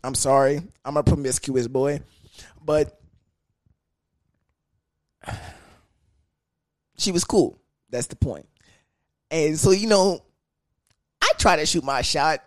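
A young man hosting a podcast, talking in a crude, animated, comedic monologue that keeps jumping into high sing-song bits. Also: slow pace, pauses often, dry recording. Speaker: podcast host.

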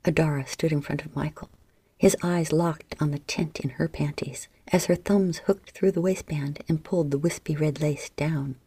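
Low, husky woman reading an erotic story. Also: fairly even intonation, normal speed, dry recording. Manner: soft, half-whispered delivery. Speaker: narrator.

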